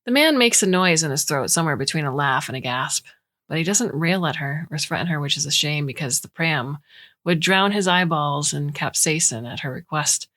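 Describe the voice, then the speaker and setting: A woman with a notably low voice reads a story aloud. Her delivery is scripted, measured and even. The pacing is steady throughout. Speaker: narrator.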